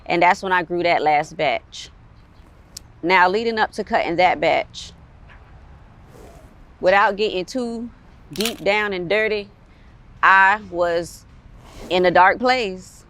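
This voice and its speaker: Animated woman telling stories in an interview. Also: lowish voice, slow pace, long pauses. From Caribbean background. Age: adult with a son. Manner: animated, laughs often, quotes others. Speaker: interview guest, artist and model. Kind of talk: casual interview storytelling.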